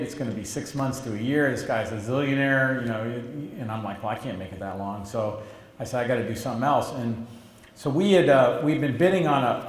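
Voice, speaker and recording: A middle-aged man telling a long business story in an echoey room, his pitch sitting in a plain middle range. He rambles and restarts often, and breaks into quick impressions of the people in his story. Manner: rambling with restarts, acts out quoted voices. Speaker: interviewee, entrepreneur. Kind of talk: conversational storytelling. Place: stage or meeting room, event interview.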